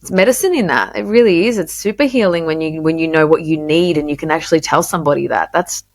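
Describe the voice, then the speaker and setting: A woman hosts a candid podcast conversation in a fairly low voice. She speaks earnestly and openly and slips into bright quoted voices when she retells moments. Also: fast, no room sound. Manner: earnest and open, quotes herself in lively voices. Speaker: podcast host. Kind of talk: casual candid chat.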